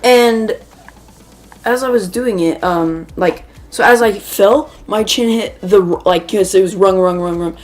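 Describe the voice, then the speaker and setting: This gaming video host speaks at a medium pitch and a measured pace, her voice slightly mellow, as she rambles through a chatty story mid-game and stops to react to the shooter she's playing.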